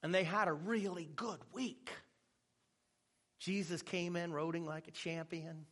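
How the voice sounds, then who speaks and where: A male pastor preaching a sermon with animated delivery and joking asides, at times dropping to a hushed tone. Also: fairly high pitch, unhurried.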